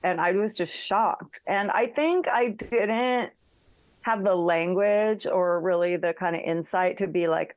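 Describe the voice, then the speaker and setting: A woman's voice: lowish voice, slow pace, no room sound. Chatty woman telling a story dryly. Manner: chatty, lots of fillers like "like" and "you know"; acts out quoted lines in her telling. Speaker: interview guest. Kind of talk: casual storytelling.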